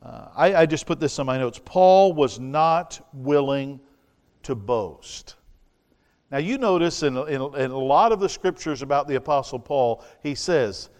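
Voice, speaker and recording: Preacher with an echoing hall. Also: male voice, on the high side, lively intonation, a little mellow. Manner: reads scripture slowly, then preaches with rhetorical questions. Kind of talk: evening sermon.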